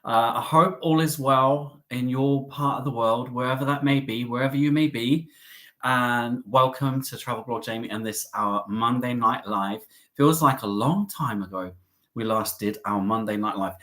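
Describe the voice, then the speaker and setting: A man's voice: medium pitch, unhurried, bright, forceful tone. A man hosting a travel live stream, chatty and upbeat, with cheeky jokes and asides.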